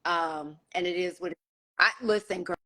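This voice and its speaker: A woman's voice: fairly low pitch, normal speed, pushed and bright. A middle-aged woman co-hosting a casual chat over a video call from her hotel room, talking with dramatic exclamations. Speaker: co-host.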